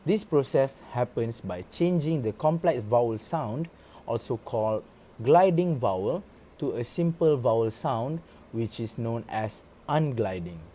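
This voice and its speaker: A man from Malaysia reads through a prepared academic presentation and explains each point step by step. His voice is mellow and of middle pitch. A faint noise sits under the recording. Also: lively intonation, a little slow. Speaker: student presenter.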